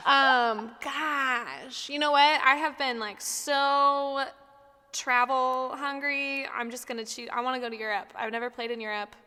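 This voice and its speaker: A woman's voice: sits high, fairly even intonation, unhurried, pushed and bright, smooth, big-room sound. A woman musician chatting on a livestream, giggly and self-mocking, laughing often. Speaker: guest musician. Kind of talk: casual chat on a livestream. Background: piano.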